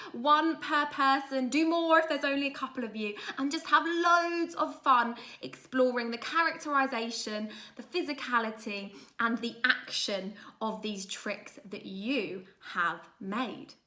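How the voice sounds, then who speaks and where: A young woman from the UK guides families through a drama workshop with upbeat encouragement. Her voice sits fairly high and sounds bright and crisp, with a lively teacherly lift. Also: measured pace, hardly any pauses. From United Kingdom. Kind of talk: instructional talk to families.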